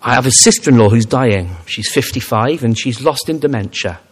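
Male preacher, sermon delivery, emphatic with restarts, lively rising and falling pitch. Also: brisk, slightly rough. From Wales. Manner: emphatic, rising to fervent repetition with frequent restarts.

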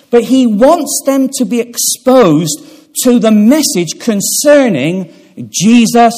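A man preaches a sermon in a chapel. His voice sits fairly high and swings widely in pitch, and he takes his time, pausing between phrases before building to emphatic peaks. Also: darkish tone. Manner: measured delivery with pauses and fillers, swelling for emphasis.

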